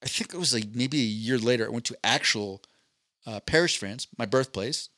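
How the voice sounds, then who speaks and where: A podcast co-host with a medium-pitched, bright, forceful voice tells a long, rambling anecdote at a moderate pace, cursing now and then in casual chat. The studio-quality recording has no echo.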